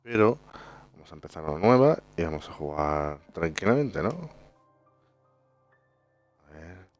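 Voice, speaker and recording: A man with a Spain Spanish accent hosting a gameplay video, talking in a relaxed, chatty way with hesitant fillers. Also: sits low, normal speed, soft background music. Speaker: gaming video host. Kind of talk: casual gameplay commentary.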